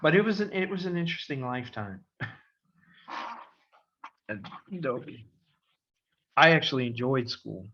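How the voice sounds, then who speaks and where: A man's voice: medium pitch, moderate pace, pauses often, highs cut off, slight background noise. A middle-aged man, a podcast co-host, telling a story in casual chat and acting out the voices of the people in it. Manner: animated, acts out quoted voices, laughs often.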